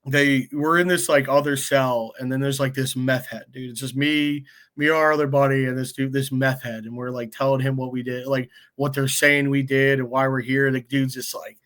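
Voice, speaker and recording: A man's voice: mid-range voice, fairly even intonation, normal speed, fairly bright tone. A young man telling a rambling, profane story in casual chat, full of "like" and "dude". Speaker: guest.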